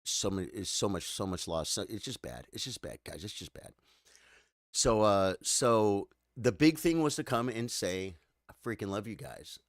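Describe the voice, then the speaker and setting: Man, low-pitched voice, tired, choked up, halting, repeats words, casual live-stream chat, dry sound. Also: expressive, no room sound. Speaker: streamer chatting with viewers.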